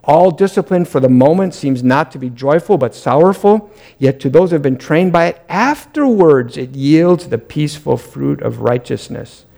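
A man's voice: fairly high pitch, expressive, normal speed, vocal fry, mellow. A middle-aged man, a pastor, preaching an earnest sermon, often lifting his voice on emphatic questions.

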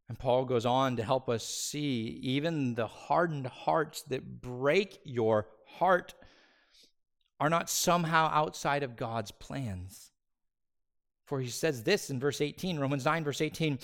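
A male pastor delivering a sermon in a mid-pitched voice. He climbs to loud, high peaks, then drops to a hush that is almost a whisper. He slows down to lean on the words that matter. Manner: dramatic swings from loud and high to hushed, near-whispered phrases; slows down on key words for emphasis.

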